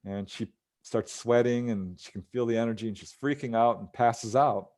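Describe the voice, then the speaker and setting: Speaking at a moderate pace with a medium-pitched, darkish voice, a male ufologist guest describes a case conversationally. He acts out the voices of those he quotes and chuckles as he goes.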